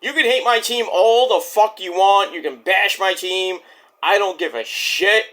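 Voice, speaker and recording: A man's voice: high voice, a little slow, bright, forceful tone. A man, ranting bluntly and profanely in a rambling casual monologue as a vlog host.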